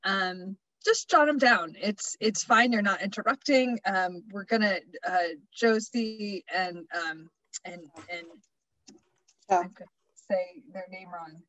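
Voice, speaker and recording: A woman's voice: mid-range voice, takes it slowly, fairly bright tone, poor audio. A woman presenting a wellness workshop over a webinar, chatty and loose, with many fillers and restarts.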